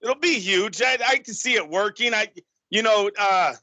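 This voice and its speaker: A man co-hosting a casual podcast, excitable and profane, often laughing. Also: high voice, moderate pace, no room sound. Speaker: co-host.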